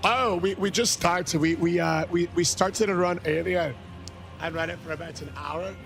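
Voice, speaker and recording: A man livestreaming a game, reading chat and bursting into shouted greetings between casual muttering. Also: high-pitched, steady tone, normal speed, faint music behind. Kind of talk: excited live-stream chat.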